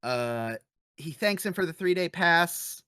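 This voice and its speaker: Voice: medium pitch, slow, clean tone, no room sound. Chatty podcast host retelling an episode, laughs a lot, dry close sound. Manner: lively storyteller with frequent laughs and fillers. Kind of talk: casual episode recap.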